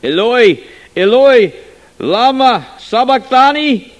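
A man voicing an anguished condemned man who gives a loud, drawn-out cry, read within a scripture reading. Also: very high voice, animated, pitched above the performer's own voice, full character voice.

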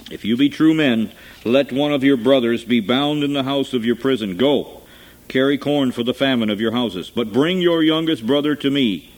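Stern male governor, commanding and measured, read by a man in his own mid-pitched voice. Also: lightly acted, rough recording.

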